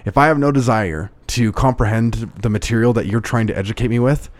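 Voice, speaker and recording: A man's voice: mid-range voice, brisk. A man talking in a casual conversation, reflective and storytelling, with frequent restarts.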